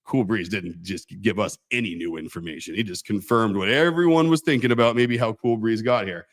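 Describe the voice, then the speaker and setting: A man voicing a dry older father who sums things up in a deadpan way. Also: fairly low pitch, a little fast, no echo, close to an everyday voice.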